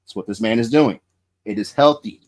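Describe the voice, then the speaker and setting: A man's voice: fairly low pitch, fairly quick, a little mellow. A man hosting a live stream, speaking earnestly and directly to his viewers in casual talk.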